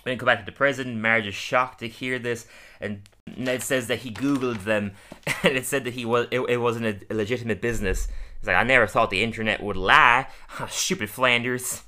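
A man with a bright, clear-toned voice at an ordinary pitch talks through a cartoon episode scene by scene. He laughs often and slips into quick character voices. The tone is casual podcast chat. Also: steady tone. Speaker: podcast co-host.

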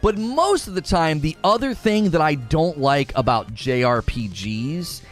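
A man hosts a laid-back gaming live stream, joking and ranting with a lively voice that leaps up and down. His voice sits a bit high for a man. Faint music plays under him. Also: a little slow. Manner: animated, jokey, swings between loud bursts and mutters. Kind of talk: casual live-stream chat.

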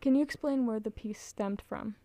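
A woman's voice: a little high, moderate pace, dark tone, dry recording. A woman host who asks short, supportive questions in an interview.

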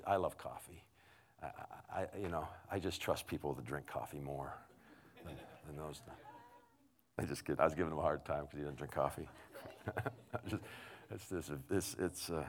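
A middle-aged man preaching in a conversational storytelling way, halting and restarting often, dropping to a hush and then rising loud. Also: low-pitched. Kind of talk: storytelling sermon.

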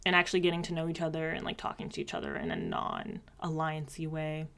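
A woman chatting casually as a co-host, recapping episodes with quick, animated asides. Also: sits low, vocal fry.

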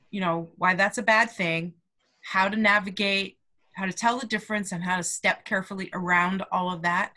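A woman from Canada co-hosts a casual doula podcast. Her voice is bright and clear, and she talks in a lively, self-deprecating, chatty way. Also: medium pitch. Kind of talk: casual chat.

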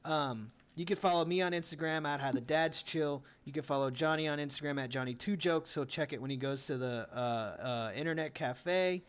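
A man's voice: on the high side, brisk, hardly any pauses, a little hiss or hum. A man from Louisiana hosting a podcast, joking around and reading out notes in casual banter. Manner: joking, teasing, animated. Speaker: podcast host.

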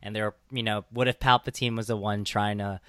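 A man co-hosting a casual podcast chat, animated fan banter with free swearing. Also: fairly low pitch, fairly quick, no room sound, studio quality. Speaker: podcast co-host.

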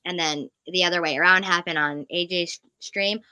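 Bright excitable woman rambling on a home stream chat, dry close sound. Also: fairly low pitch, normal speed, clean tone, no room sound. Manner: excitable, rambling, jumps between thoughts. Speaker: podcast co-host. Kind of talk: casual fan chat.

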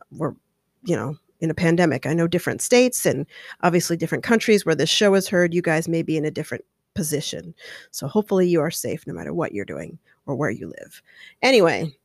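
A middle-aged woman hosting a podcast, giving casual advice in a chatty, animated way and acting out little scenes. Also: low voice, dry recording, clean studio sound. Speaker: podcast host.

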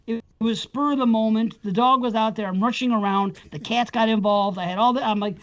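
A middle-aged man co-hosting a podcast rambles through profane stories in casual chat, speaking fairly quickly in a high, steady voice. The audio is muffled, dull and lo-fi.

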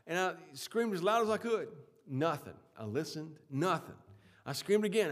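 A man preaching a sermon with emphatic swings in loudness, often repeating words and restarting phrases. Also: on the high side, lively intonation, a little fast. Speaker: pastor.

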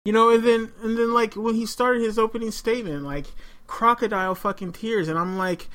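A man in casual political chat, indignant and swearing, rising to loud outbursts. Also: high-pitched, fairly even intonation, fairly quick.

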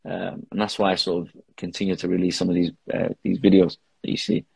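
A man's voice: deep voice, little pitch movement, brisk, creaky, darkish tone, husky, no echo. A man telling an earnest personal story in a casual podcast conversation, with Arabic religious phrases woven into his talk. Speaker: guest, father who posts videos with his daughter.

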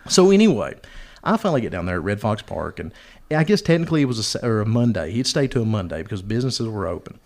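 A man's voice: lowish voice, very animated, fast, a little mellow. A man, hosting a podcast and telling a long, rambling, joking story. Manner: rambling, laughs often, plays up the joke. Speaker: podcast host. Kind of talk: casual storytelling.

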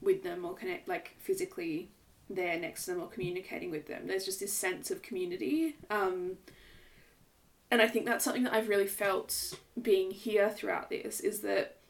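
A woman co-hosts a relaxed podcast conversation, thinking aloud and hunting for the right words. Her voice sits a little back from the microphone. Her pitch is ordinary and middling. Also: normal speed, distant mic. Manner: reflective, searching for words. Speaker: podcast co-host. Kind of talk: casual chat.

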